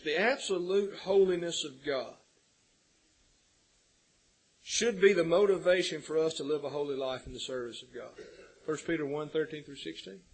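Male preacher, husky, higher voice, sermon delivery with rising emphasis. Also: moderate pace, long pauses, poor audio. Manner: preaching with rhetorical questions and swelling emphasis. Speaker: pastor.

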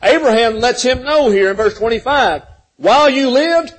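A man's voice: extremely high pitch, expressive, moderate pace, poor audio. A man preaching a sermon, telling a folksy story with frequent restarts and repeated words.

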